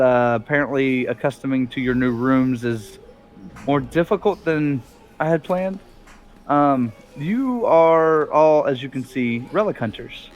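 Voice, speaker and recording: A man's voice: medium pitch, natural voice. A man doing refined apologetic keeper Bob. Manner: polite, apologetic, measured. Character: refined middle-aged male base keeper Bob.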